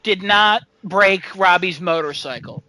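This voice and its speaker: High, bright-voiced man, excitable and profane. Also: a little slow, low-quality recording. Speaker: podcast co-host. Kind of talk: casual chat.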